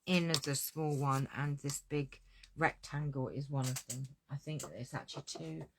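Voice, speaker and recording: A woman's voice: sits low, steady tone, moderate pace, background noise. A woman teaching a card-making tutorial, chatting to herself and scattered as she works. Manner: chatty, talks to herself while working, scatterbrained. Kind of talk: hands-on craft tutorial.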